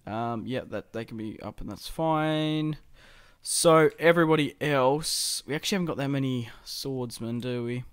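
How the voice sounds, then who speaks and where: In a smooth, medium-pitched voice at a moderate pace, a young gaming-channel host chats his way through a strategy game. He swears and laughs casually throughout the let's-play.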